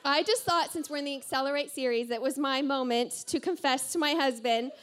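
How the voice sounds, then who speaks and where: A woman pastor preaching to a congregation, telling a personal story in an animated, self-deprecating way and laughing often. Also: high voice, fairly quick, slight background noise. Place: church service before a congregation.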